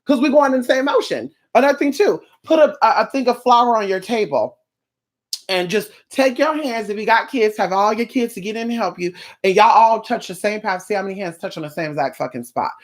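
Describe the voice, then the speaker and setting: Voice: mid-range voice, expressive, brisk. Talk blunt and salty, like a spiritual worker lecturing clients. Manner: blunt, profane and chatty; acts out clients in little voices. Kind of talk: casual vlog monologue.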